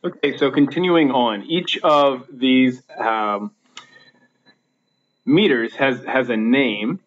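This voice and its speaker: A male teacher records a slideshow lecture at home, his pitch sitting in the middle range. He explains patiently, with plenty of fillers and restarts. The laptop mic gives a slightly dull, muffled sound. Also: slow pace.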